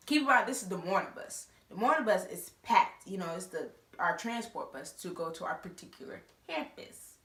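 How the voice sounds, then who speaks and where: A young woman casually telling a school story on her vlog, animated and quick to laugh, with slangy asides. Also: medium pitch. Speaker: storytime vlogger. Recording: roomy echo.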